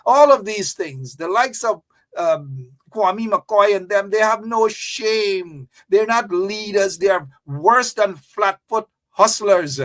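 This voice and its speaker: A man's voice: high voice, expressive, takes it slowly, fairly bright tone. A man hosting a political commentary show, reading out a news item and then railing against it with indignant, mocking repetition.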